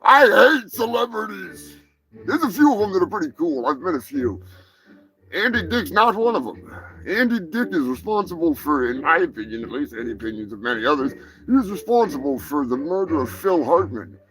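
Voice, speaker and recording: A man hosting a live podcast, giving a profane mock apology that swings from slow solemn talk to shouted rage. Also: on the high side, sing-song, rough recording. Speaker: podcast host. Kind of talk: mock-apology comedy rant.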